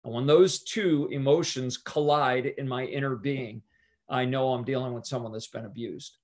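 A man's voice: mid-range voice, fairly even intonation, normal speed. A man speaks with earnest conviction, his voice sitting in an ordinary middle register. He tells his story in a conversational way and retells past exchanges line by line. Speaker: pastor and guest speaker. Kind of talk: storytelling in an interview.

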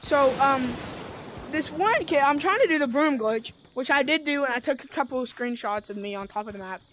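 A woman chats through a VR gaming session, wandering from story to story with plenty of fillers. Her fairly high voice swings up and down with energy. A faint hiss sits behind the headset mic. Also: animated, a little fast, fairly bright tone. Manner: rambling, chatty storytelling with many fillers. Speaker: gaming vlogger. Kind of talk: casual gameplay chatter.

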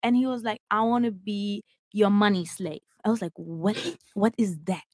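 A woman's voice: medium pitch, fairly even intonation, normal speed, a little mellow, dry recording, studio quality. A young woman from Germany, a podcast guest telling stories in a blunt, giggly way, her English slightly broken. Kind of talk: casual storytelling chat.

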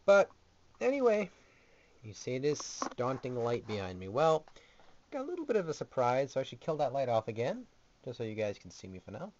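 A young man rambles through a tour of his small gaming closet in a jokey, sarcastic way, at a middling pitch. He is recorded on a camera mic. The audio is dull and lo-fi with a faint hiss behind it. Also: huge pitch swings, fairly quick, a little mellow. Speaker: vlogger. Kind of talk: casual home video tour.

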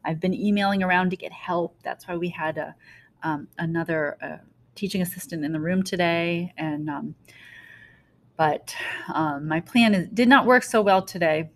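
A woman's voice: on the low side, normal speed. A middle-aged woman teacher recording a German lesson for her class, talking casually, correcting herself and giving everyday examples. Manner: chatty, self-correcting, explains with homey examples.

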